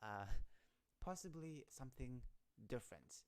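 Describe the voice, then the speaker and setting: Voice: mid-range voice, big pitch swings, unhurried, a little mellow. A live streamer chatting casually and reading satire articles aloud, often stumbling over words and laughing.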